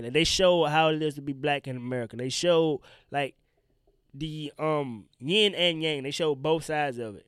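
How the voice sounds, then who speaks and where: A man's voice: on the high side, clean tone, dry recording, clean studio sound. Congested man hosting a slangy podcast. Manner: loose, slangy and animated, addressing listeners directly. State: congested, throat giving out. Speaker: podcast host. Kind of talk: casual solo podcast talk.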